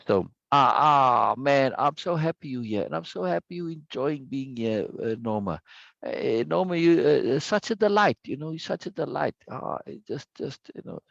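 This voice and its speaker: A man's voice: mid-range voice, lively intonation, moderate pace, vocal fry, a bit bright, dry recording. A man speaking earnestly and emphatically as a self-development teacher, repeating key phrases in a reflective talk to his listeners. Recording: dull lo-fi dry sound.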